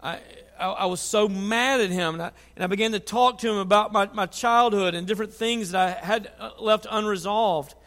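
A man preaching a sermon, moving from quiet reflection to loud, impassioned pleading. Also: sits high, normal speed, hardly any pauses. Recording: long hall reverb.

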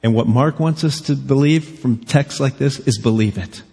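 In a church sanctuary, a male pastor preaches a sermon with a medium-pitched, dark voice that carries a breathy edge, at normal speed. He is earnest, pressing his listeners with repeated direct questions, and the church hall's long reverb trails his words.

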